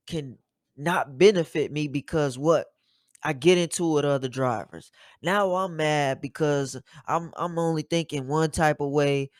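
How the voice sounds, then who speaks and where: A man co-hosting a podcast in casual chat, laid-back and slangy, getting animated when he makes a point. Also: fairly high pitch, no echo. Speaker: podcast co-host.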